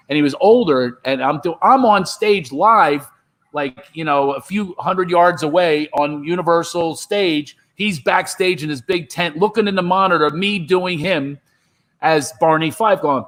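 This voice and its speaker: A middle-aged man telling comedy stories on a video call, animated and slipping into impressions. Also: fairly high pitch. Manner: animated, jumps into character voices. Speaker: comedian guest. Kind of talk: storytelling with impressions.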